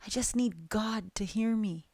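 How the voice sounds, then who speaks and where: A woman voicing a grieving, desperate young mother who pleads over and over in a hushed, breathy voice. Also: mid-range voice, a little slow, dry recording. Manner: repetitive, fixated whispering.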